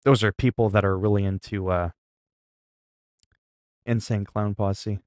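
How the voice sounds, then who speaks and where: A man chats with his livestream viewers in a fairly low voice, captured dry and close with no room sound. He tells a story in a loose, rambling way, breaking into laughter and tripping over his own restarts. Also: fairly even intonation, unhurried, darkish tone, no echo. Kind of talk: casual chat with viewers.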